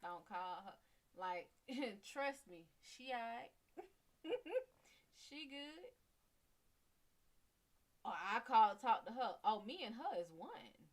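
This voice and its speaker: A woman's voice: on the high side, very animated, slow pace, long pauses. A woman giving casual live-stream psychic readings, slangy and playful, laughing often and calling viewers "sugar". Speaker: psychic card reader.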